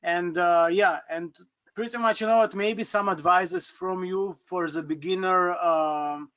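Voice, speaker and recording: A man calls in to ask his question, hesitant and full of fillers. His voice sits high and bright, and the call audio is dull and lo-fi. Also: steady tone, measured pace. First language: Russian. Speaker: caller, new business coach.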